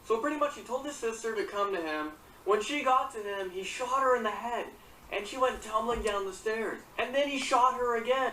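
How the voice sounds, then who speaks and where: A woman's voice: fairly high pitch, a bit bright, slight background noise. A woman retelling a crime story in casual vlog commentary, indignant and blunt, swearing often. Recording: echoey room, far from the mic.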